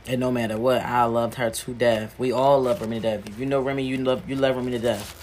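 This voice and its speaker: A woman hosts her own podcast, rambling casually and candidly with plenty of slang and restarts, her voice dropping low and soft when grief comes up. Her tone is steady, her pace quick, and there's slight background noise.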